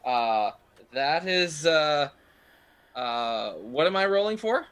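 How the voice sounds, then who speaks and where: Player, male, bright tone, halting rules reader, light hiss behind. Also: fairly high pitch, animated. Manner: chatty, reads rules aloud haltingly. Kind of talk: casual tabletop play.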